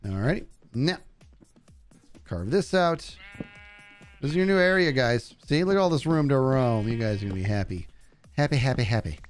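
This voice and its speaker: Soft music plays behind this live gameplay commentary, where a man chats casually to his audience and talks to the on-screen animals. His mid-range voice is very animated, moving at a moderate pace with frequent pauses.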